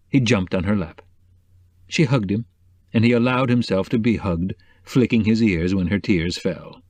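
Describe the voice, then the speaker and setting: A man reading a cozy mystery aloud in a measured, even voice. His pitch sits in the middle, and the recording is dry and close, with no room sound. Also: dry recording. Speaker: audiobook narrator. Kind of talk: scripted narration.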